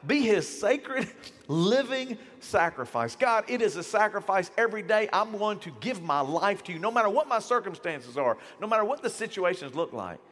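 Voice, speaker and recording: A man preaching a sermon as pastor, casual and animated, slipping into slang and acting out the voices of people in his stories. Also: high voice. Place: church hall. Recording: church hall with long reverb.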